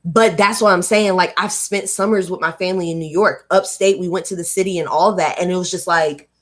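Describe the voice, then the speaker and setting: Reading a book on her livestream, this North Carolina woman speaks with a gentle Southern lilt in a lowish, steady voice at a fairly quick clip. She keeps interrupting herself with blunt, chatty digressions full of cussing.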